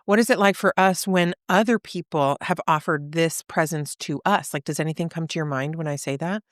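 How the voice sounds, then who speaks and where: A woman's voice: deep voice, fairly quick, no room sound, clean studio sound. A woman in her thirties, a therapist and podcast co-host, earnestly telling a personal story and often checking in with "right?". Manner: earnest, uses many "right?" tag questions. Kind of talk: reflective conversational storytelling.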